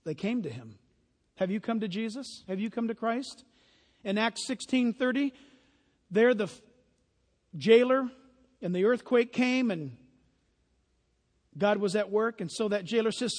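A man preaching a sermon, animated and emphatic, building to loud peaks as he drives his points home. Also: sits high, a little slow, pauses often. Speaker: pastor. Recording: long hall reverb.

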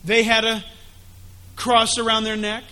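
A man preaching an animated, emphatic sermon with dramatic delivery. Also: sits high, measured pace.

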